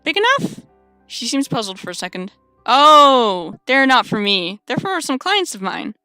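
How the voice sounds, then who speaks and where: A woman's voice: high voice, sing-song, measured pace, bright, forceful tone, smooth, dry recording, soft background music, heavily acted. A woman voicing a giant spider who is a sweet, doting old lady and wedding planner, calling everyone dearie, in a visual novel game. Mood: cheerful.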